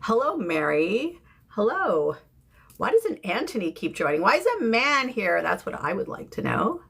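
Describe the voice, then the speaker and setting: A woman in her fifties from San Francisco, chatting casually during a makeup livestream and greeting viewers by name, with bursts of high excitement. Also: measured pace, gravelly, husky. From San Francisco, USA. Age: 50s. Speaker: beauty creator.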